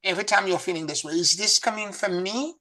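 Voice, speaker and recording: A man's voice: high-pitched, quick pace, pushed and bright. A man teaching a live class as a spiritual teacher, emphatic and instructive, repeating key words.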